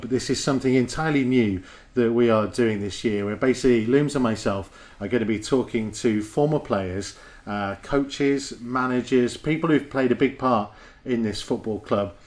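A man's voice: mid-range voice, moderate pace. A man hosts a podcast in a loose, chatty way. He jokes and teases his co-host, and his voice sits in an ordinary middle register. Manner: chatty, joking, self-mocking. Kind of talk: casual podcast chat.

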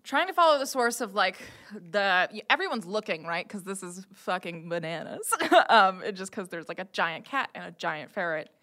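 A woman game master narrating a tabletop game in a loose, rambling way, filling gaps with fillers. Her voice is bright and clear, at a middle pitch. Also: lively intonation, normal speed, hardly any pauses.

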